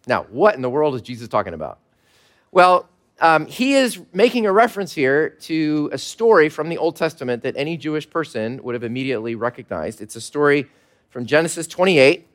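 A man, a pastor, preaching a sermon to his congregation in a relaxed, conversational way with light laughter. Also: on the high side. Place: church service held in a mall.

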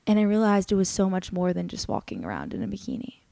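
A woman's voice: mid-range voice, big pitch swings, fast talker, vocal fry, few pauses, mellow, dry recording. Young woman podcast host, earnest and candid, dry close-miked sound. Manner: earnest, candid and emotional, with many "like" fillers. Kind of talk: personal storytelling monologue.

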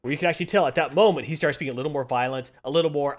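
A man's voice: fairly high pitch, rapid-fire. A man hosting a casual chat, retelling a comic plot and acting out the quotes as he goes. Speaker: podcast host.

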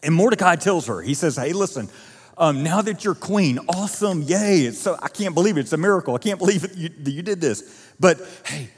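Animated male pastor in a reverberant hall. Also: a little high, a little fast. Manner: animated storytelling, acting out quoted voices. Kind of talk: sermon. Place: church auditorium.

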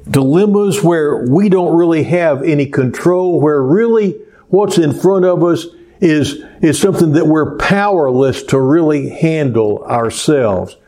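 A man preaching a sermon, telling stories slowly and deliberately, dropping low and soft to stress a point. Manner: slow, deliberate storytelling with pauses.

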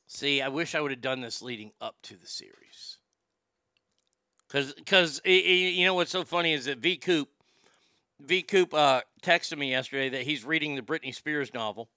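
A man's voice: fairly high pitch, normal speed, bright, forceful tone, clean tone, dry recording, studio quality. A middle-aged man hosting a show, reading listener mail in a blunt, profane, rambling way. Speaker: host.

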